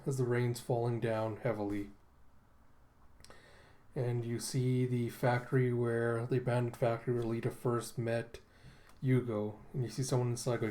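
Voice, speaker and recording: A man hosting a casual comic read-through, relaxed and rambling with many fillers. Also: mid-range voice, normal speed. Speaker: manga read-through host.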